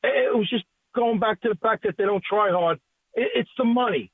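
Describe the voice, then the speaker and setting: A man's voice: high voice, a little fast, husky, no room sound. An older man from the Northeast United States calling in to a radio show, rambling and stammering in a friendly way. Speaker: caller. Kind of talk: radio call-in. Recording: tinny phone line.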